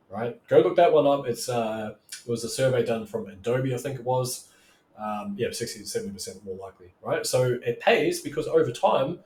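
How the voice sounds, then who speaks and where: A man talks through online marketing tips in a relaxed, rambling coaching style, tossing in "right?" again and again. His voice sits at an ordinary middle pitch. The recording carries a noticeable echo off the walls of the room. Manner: loose and chatty, keeps asking "right?", acts out customers' voices. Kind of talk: casual teaching monologue.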